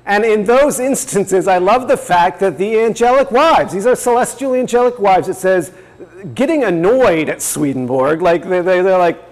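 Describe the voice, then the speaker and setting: A man's voice: high voice, expressive, normal speed, a little mellow, big-room sound. A man giving a religious teaching talk, explaining step by step and reading passages aloud. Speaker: presenter.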